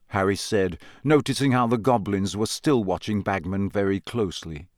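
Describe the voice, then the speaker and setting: Brief: male audiobook narrator, animated delivery, dry studio sound. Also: on the low side, moderate pace, few pauses, dry recording. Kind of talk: storybook narration.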